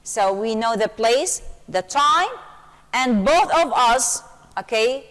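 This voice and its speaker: A woman English teacher, her voice sitting a little high, walks through grammar rules slowly and patiently. She keeps slipping in "okay" as she explains each step. The recording carries a long, hollow reverb. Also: expressive, fairly bright tone. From Syria. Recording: long reverberant room echo.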